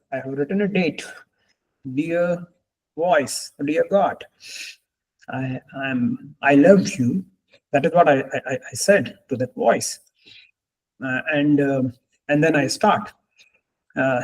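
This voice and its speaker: A man's voice: a little high, darkish tone, poor audio. A man, talking to a group as a life coach in a reflective, earnest way, often repeating phrases for emphasis. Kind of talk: group coaching call talk.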